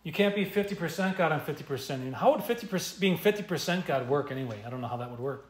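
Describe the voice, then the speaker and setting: A man's voice: fairly high pitch, lively intonation, very fast, roomy sound, a little hiss or hum. A male pastor preaching an expository sermon, emphatic and repeating key phrases for stress. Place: church.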